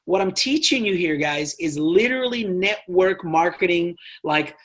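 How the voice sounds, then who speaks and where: A man leading a network marketing team training, talking in an animated way and checking in with his listeners again and again. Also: sits high, a little slow. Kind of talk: motivational team training talk.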